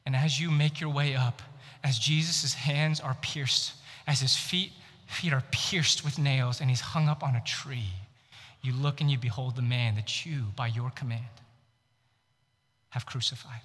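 A man preaching a sermon that retells the story vividly in the second person, shifting between loud and hushed delivery. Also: medium pitch, fairly even intonation, measured pace. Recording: long hall reverb.

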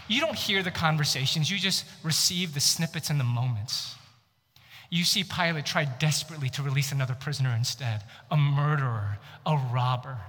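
A man preaching a sermon that retells the story vividly in the second person, shifting between loud and hushed delivery. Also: a little high. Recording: long hall reverb.

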